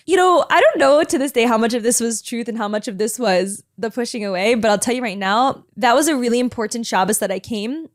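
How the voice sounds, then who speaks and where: A young woman telling a personal story in a fast, chatty way, full of filler words and emotion. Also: fairly high pitch, no room sound, clean studio sound. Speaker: vlogger sharing a personal story. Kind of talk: casual storytelling to camera.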